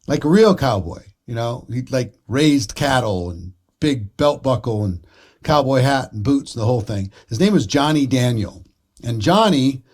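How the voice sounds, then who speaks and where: A middle-aged man with an everyday mid-range voice delivers a daily business pep talk. He tells stories in a chatty, conversational way, and his voice climbs and gets louder when he makes a point. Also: medium pitch. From Minnesota, USA. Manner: storytelling, conversational, with rising emphasis and sound effects. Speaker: network marketing trainer.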